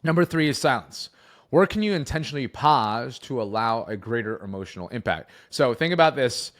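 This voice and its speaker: A young man coaching on sales, talking to camera in an animated way, shifting his emphasis and pace for effect. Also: mid-range voice, fairly quick.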